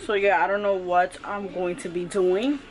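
A woman's voice: on the low side, level tone, moderate pace, slight background noise. A woman vlogging casually at home with a swollen, painful ear and sore throat. She talks with her mouth barely open, a bit muffled. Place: home kitchen.

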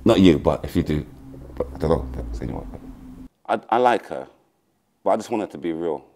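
A man doing loud, teasing comic banter on a dating show, swinging between shouts and mutters. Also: deep voice, animated, a little fast, a little hiss or hum. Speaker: comedian dating show contestant.

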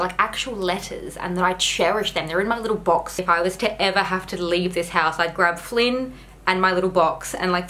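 A woman's voice: lowish voice, a bit bright, slight background noise, rough recording. A young woman talking candidly to camera in a home vlog, earnest and rambling with lots of "like" fillers. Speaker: YouTuber.

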